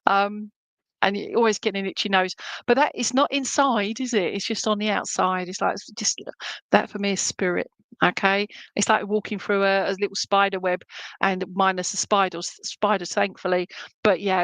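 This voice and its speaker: A woman's voice: mid-range voice, fairly even intonation, moderate pace, a bit bright, no echo. A woman giving a clairvoyant reading at an online church service, chatty and reassuring, with many fillers and restarts. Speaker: medium at a spiritualist church.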